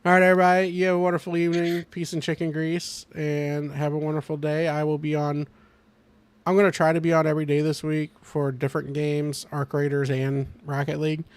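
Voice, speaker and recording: A man's voice: fairly high pitch, little pitch movement, fairly quick, clear, resonant tone. A young man hosting a casual podcast chat, rambling with lots of fillers and restarts. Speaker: podcast host.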